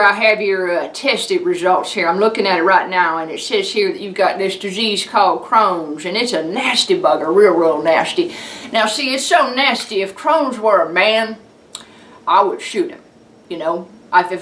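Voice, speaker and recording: A woman voicing a gruff Southern redneck doctor who gives bad news in a blunt, folksy drawl. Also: medium pitch, a bit bright, reverberant, far from the mic, lightly acted, rough recording.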